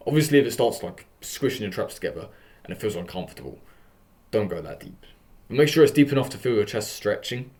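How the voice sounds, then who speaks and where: A young man hosts a self-improvement vlog, coaching viewers through posture exercises. He's casual and energetic, talking fast in a fairly low voice.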